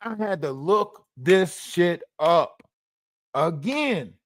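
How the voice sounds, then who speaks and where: A man hosting a livestream who tells a story in an animated way and keeps checking in with his chat. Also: high-pitched, very slow, no room sound, studio quality. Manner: animated, keeps asking the chat "you hear me?". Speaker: livestream host.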